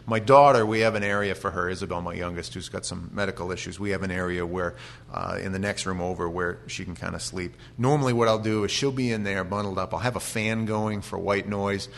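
A male pastor giving an animated sermon with humorous stories and frequent restarts. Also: low-pitched, brisk, creaky.

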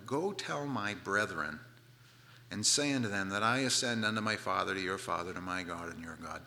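A middle-aged man preaching a sermon, telling the story with playful asides and dropping to soft, hushed tones for tender moments. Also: on the low side, fairly quick. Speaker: pastor.

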